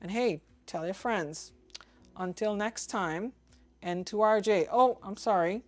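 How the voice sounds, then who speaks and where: In a mid-range voice, a woman from Trinidad and Tobago who vlogs about ham radio gives an opinionated, casual explanation to camera. She takes her time spelling out call signs.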